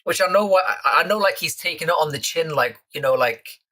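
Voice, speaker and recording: A young man from London talks off the cuff to his live chat, swearing freely and ribbing the regulars. His tone is bright and forward, with a casual, unscripted flow. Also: a little high, lively intonation, fairly quick. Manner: crude, swearing, teasing chat readers. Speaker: live stream host.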